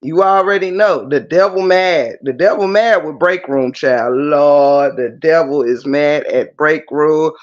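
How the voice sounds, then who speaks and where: A man talks to his livestream viewers in an animated, preachy way. His voice sits high for a man. The stream audio sounds muffled and lo-fi. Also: unhurried, hardly any pauses. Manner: animated preachy talk, addresses viewers directly. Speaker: livestream host. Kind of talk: casual livestream chat.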